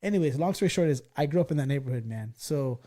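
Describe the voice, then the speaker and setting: A man in his forties from California, hosting a podcast and telling stories in a loose, profane, excitable way. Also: on the high side, fast talker. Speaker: podcast host. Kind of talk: casual storytelling chat.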